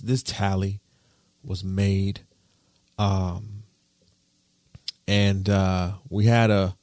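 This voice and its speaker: Animated young man telling stories. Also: no echo, studio quality. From Detroit. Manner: animated, slangy, swings from loud exclamations to low muttering. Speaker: podcast host. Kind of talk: casual storytelling monologue.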